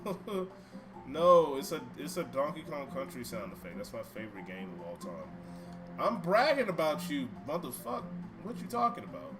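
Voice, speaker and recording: Playing a video game from a room at home, a man streams himself chatting, bantering and cursing freely with his viewers as game music plays. His voice sits a little high and moves at normal speed, with huge swings in pitch.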